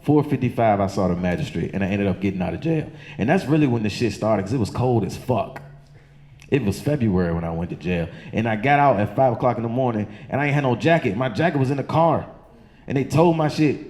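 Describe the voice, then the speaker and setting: A man works through a long stand-up story on a comedy club stage. He talks loose and profane at a middle pitch, and his voice leaps up high and squeaky whenever he acts out the people in his story. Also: animated, fast, darkish tone. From Chesterfield County, Virginia.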